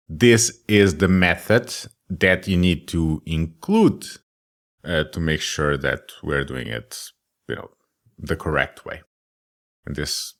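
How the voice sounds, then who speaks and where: A man teaching a casual coding tutorial, thinking aloud with many ums and self-deprecating jokes. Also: extremely low pitch. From Germany. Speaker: course instructor.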